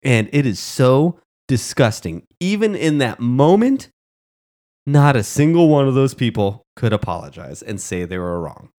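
A man's voice: medium pitch, very animated, measured pace, a little mellow. A man retelling a show's story in casual commentary, passionate, indignant and emotional. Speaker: show recapper.

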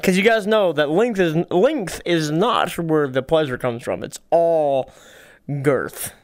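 A man's voice: on the high side, animated, takes it slowly, dry recording, clean studio sound. A man co-hosting a podcast in casual chat, teasing the others and swearing often. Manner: teasing, profane, giggly. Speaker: podcast co-host.

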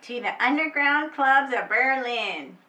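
A woman's voice: high-pitched, animated, measured pace, sharp tone, echoey room, a little hiss or hum, heavily acted. A woman voicing a boastful, crude male rancher in a put-on Southern US accent, with a drawling delivery. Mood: cocky.

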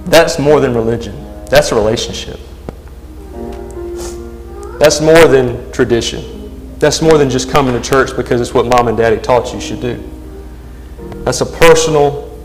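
A man's voice: medium pitch, poor audio. A man preaching a sermon, earnestly asking the congregation one question after another.

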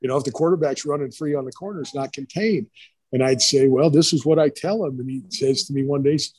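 A middle-aged man, a retired football coach, tells rambling stories in a casual interview, acting out quoted voices. His voice is medium-pitched, fast, a little mellow, with a breathy edge, on a rough recording.

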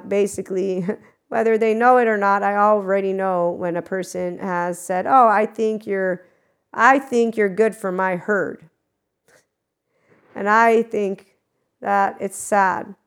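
A middle-aged woman talking in a rambling, animated spiritual monologue, laughing often and acting out quoted dialogue. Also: medium pitch, gravelly, clear, resonant tone. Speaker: spiritual channel host.

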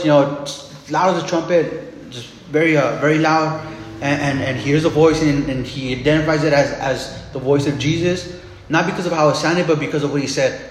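A man with a somewhat high voice preaches a sermon, talking casually and often restarting his sentences. His voice rings out in a reverberant hall, with a long echo and faint room ambience behind him. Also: slight background noise. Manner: conversational, fillers and repeated restarts.

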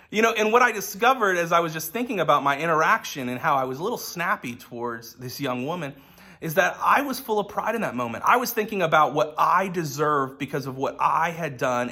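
A man preaching a relaxed, chatty sermon with a bright, forceful voice pitched a little high. He moves easily into personal stories. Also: slightly rough. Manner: casual storytelling with personal anecdotes. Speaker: pastor. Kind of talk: conversational sermon.

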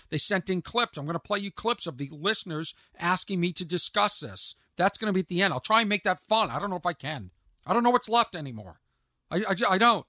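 A man's voice: high voice, sharp tone, no room sound. A man hosting a solo comedic podcast from a home studio in a converted camper, rambling and self-mocking with exaggerated pleading. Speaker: podcast host.

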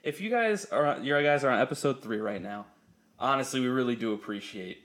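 A man's voice: medium pitch, animated, brisk, fairly bright tone. A young man co-hosting a podcast, telling a story in casual, profane chat and laughing often. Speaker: podcast co-host.

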